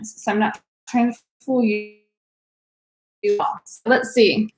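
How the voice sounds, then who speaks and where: A woman's voice: a little high, steady tone, takes it slowly, reverberant. A woman leading a live online wine tasting class as instructor, upbeat and coaching, with frequent ums. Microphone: video call.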